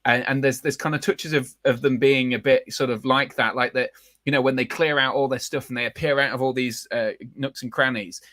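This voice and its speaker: A man hosting a casual livestream, talking in a loose, halting way full of ums and restarts. His voice sits mid-range and sounds close and dry. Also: mid-range voice, fairly even intonation, fairly bright tone, no room sound. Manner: rambling, many fillers and restarts. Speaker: podcast host.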